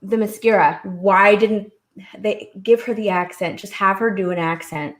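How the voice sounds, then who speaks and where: A woman talking casually on a livestream, with a middle-pitched voice. She rambles, trails off and restarts, and grows animated as she makes her point. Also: measured pace. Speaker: co-host. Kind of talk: casual stream chat.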